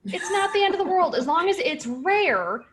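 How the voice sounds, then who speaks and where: A woman's voice: extremely high pitch, animated, normal speed, fairly bright tone. A woman co-hosting a sales podcast, giving direct and emphatic advice in a casual chat. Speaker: podcast co-host.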